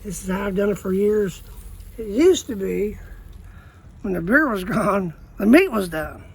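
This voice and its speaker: A woman's voice: medium pitch, expressive, measured pace, creaky. A middle-aged woman hosting a backyard barbecue cooking video, with a folksy, chatty manner and a habit of repeating her words. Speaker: backyard barbecue cook and host. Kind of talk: casual cooking demonstration. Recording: roomy, distant camera mic, faint background noise.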